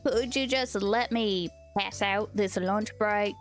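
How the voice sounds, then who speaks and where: A woman's voice: mid-range voice, slow pace, soft background music, natural voice. Woman doing a sleepy grumbling teenage boy. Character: drowsy teenage schoolboy, grumbling.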